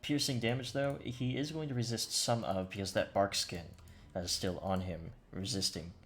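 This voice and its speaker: A man's voice: on the low side, fairly even intonation, moderate pace, fairly bright tone, slightly rough. A man acting as game master, narrating combat and rulings in a loose way that searches for words. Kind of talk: running a tabletop game, describing rules and combat.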